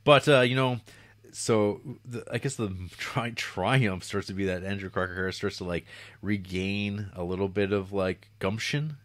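A man co-hosting a film podcast, casually retelling a plot in a rambling, animated way, often acting out quotes and laughing. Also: on the low side, normal speed, no room sound. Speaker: podcast co-host. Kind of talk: casual film review chat.

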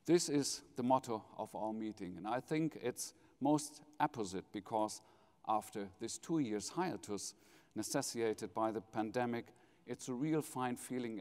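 A man's voice: mid-range voice, a little mellow. German-accented man in a big hall. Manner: measured, jovial, polls the audience. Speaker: foundation president giving opening speech. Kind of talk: formal welcome speech with light humor. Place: large university hall, live audience. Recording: reverberant hall.

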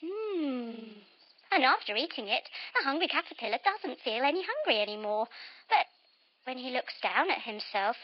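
A woman telling a story while leading a yoga lesson for children, slow, playful and sing-song, with sound effects. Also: high-pitched, sing-song. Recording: slightly dull lo-fi audio.

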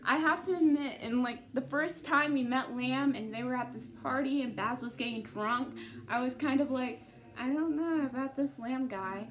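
A woman's voice: high voice, moderate pace, a crowd in the background. A woman giving a casual, rambling book review to camera, full of fillers and self-interruptions.

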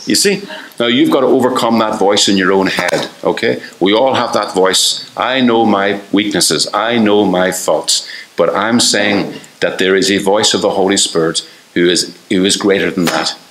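An Irish man preaching to his congregation, his voice sitting fairly low. He talks earnestly and conversationally, tossing in quick asides, and the church hall around him rings with echo. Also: a bit bright. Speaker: pastor. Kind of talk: sermon.

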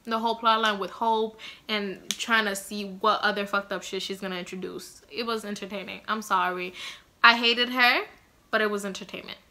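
A young woman vlogs her opinions on a show, chatty and blunt, full of slang and fillers. Her voice is bright and clear, her pitch sits in the middle for a woman, and her talk stays loose and conversational. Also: steady tone, normal speed. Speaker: YouTuber reviewing a TV show. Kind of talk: casual vlog commentary.

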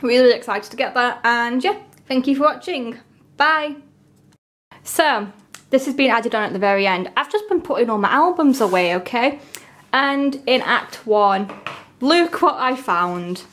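A young woman, chatting casually and gushing with excitement as she unboxes albums. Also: a little high, moderate pace. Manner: gushing, excitable, breaks into gasps and soft whispers.

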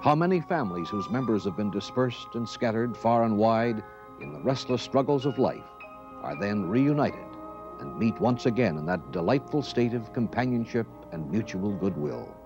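A man's voice: lowish voice, animated. Solemn male TV anchor on old tape. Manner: solemn, measured recitation. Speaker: TV news anchor presenting a special. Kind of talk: formal read of a Dickens passage. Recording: dull lo-fi 1970s TV tape with faint music.

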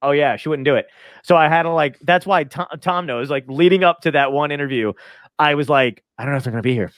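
A man's voice: a little high, quick pace, a bit bright, no room sound, clean studio sound. A man hosting a podcast in casual chat, telling rambling anecdotes, swearing freely and laughing often. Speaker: podcast host.

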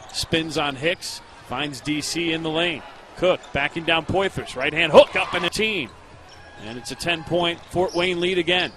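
A man calling basketball play-by-play, snapping out quick calls and shouting on big plays. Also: on the high side, noisy background. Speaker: play-by-play commentator.

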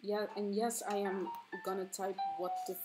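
A woman's voice: medium pitch, little pitch movement, moderate pace, music in the background, rough recording. Swearing, giggly young woman streamer. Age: 20s. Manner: swears freely, laughs and squeals when flustered. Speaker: streaming artist. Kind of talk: casual stream chat while drawing.

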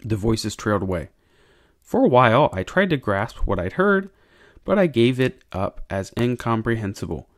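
A man, a teacher, narrating an audiobook chapter for his class in a measured, expressive way. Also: lowish voice, no echo, studio quality.

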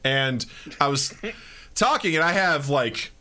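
Guy host on a podcast, kinda high voice, super lively, acts out his reactions while telling stories. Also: slow pace. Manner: animated storyteller, acts out his own outbursts. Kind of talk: casual chat.

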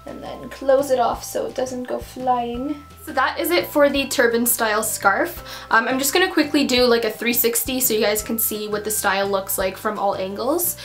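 A woman's voice: fairly high pitch, moderate pace, faint music behind. A young woman vlogger talking casually through a tutorial at home, full of "um" and "like" fillers. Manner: chatty, many fillers like um and like.

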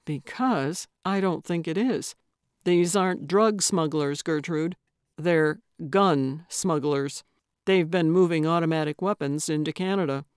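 A woman's voice: low-pitched, a little slow, a little mellow, smooth, dry recording. A woman reading as a dry, patient male cop. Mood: wry. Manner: dry, mildly skeptical. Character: patient, amused male police officer.

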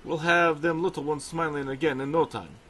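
A man's voice: fairly high pitch, fairly even intonation, brisk, a bit bright, slight background noise, natural voice. A man voicing a kindly, chatty male bear trainer with a put-on Russian accent and old-fashioned phrasing, reading game dialogue aloud. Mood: reassuring.

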